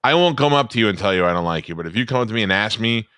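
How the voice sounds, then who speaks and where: Man, low voice, rapid-fire talk, blunt and profane, podcast co-host. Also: expressive, bright, forceful tone, smooth, no room sound. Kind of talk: casual chat.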